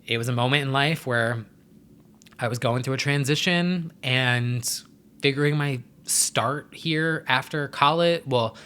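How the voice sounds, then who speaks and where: A man's voice: mid-range voice, a little slow, pushed and bright, clean tone. A young man hosting his own vlog, talking in a rambling, chatty way with sassy slang. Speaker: vlogger host. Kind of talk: casual chat to camera.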